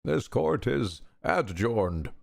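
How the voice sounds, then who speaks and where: Man voicing an elderly formal judge, gravelly and slow-spoken, over faint music. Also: medium pitch, sing-song, full character voice. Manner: slow, stately court pronouncements. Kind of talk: reading game dialogue aloud.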